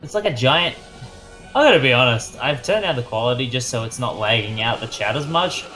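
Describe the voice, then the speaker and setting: A man's voice: medium pitch, expressive, brisk, sharp tone, soft background music. A man co-hosting a let's play, chatting casually and joking while asking about the game. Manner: joking, curious. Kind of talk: casual gameplay chat.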